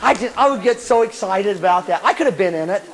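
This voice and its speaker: A man giving a jokey motivational seminar talk to students, animated and calling listeners "man". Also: high voice, fast, poor audio. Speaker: motivational speaker. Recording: old tape with loud crowd laughter and hiss.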